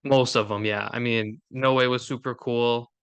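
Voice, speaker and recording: Upbeat chatty man with a bright voice. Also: mid-range voice, steady tone, normal speed, clean tone. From Minnesota. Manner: chatty, upbeat, laughs often. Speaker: podcast co-host. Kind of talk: casual chat.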